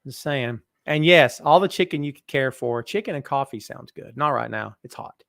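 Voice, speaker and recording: A man hosting a wrestling talk stream, reading viewer comments aloud and talking to his audience with animated, self-mocking chatter. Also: mid-range voice, normal speed, gravelly, no echo, studio quality. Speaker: host.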